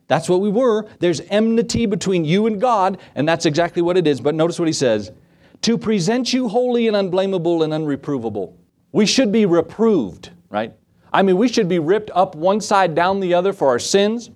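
Animated male preacher. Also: normal speed. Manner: animated, conversational preaching with asides to the congregation; acts out quoted voices with shifts in pitch. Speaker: pastor. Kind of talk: sermon.

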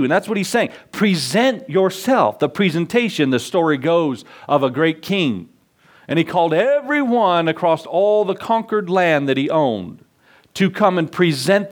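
A man preaching a sermon in a church, telling stories and acting out the people in them. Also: sits high. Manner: animated storytelling preacher, acts out voices. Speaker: pastor. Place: church sanctuary.

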